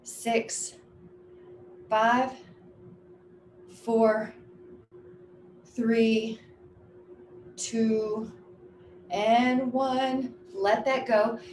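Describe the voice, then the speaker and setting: A middle-aged woman leading an exercise class, counting reps aloud with brisk, encouraging cues. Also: fairly high pitch, level tone, a little mellow. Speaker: fitness instructor. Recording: echoey room with faint ambient noise.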